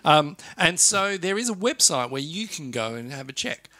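A man's voice: a little high, big pitch swings, normal speed, sharp tone, no room sound. A man co-hosting a comedy chat, presenting trivia in a dry, wry way. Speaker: comedy podcast co-host. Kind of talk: casual chat.

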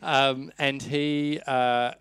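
A man's voice: mid-range voice, little pitch movement, extremely slow, a bit bright, clear, resonant tone. A man co-hosting a podcast, chatting casually and hesitantly with many restarts. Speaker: podcast co-host. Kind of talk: casual chat.

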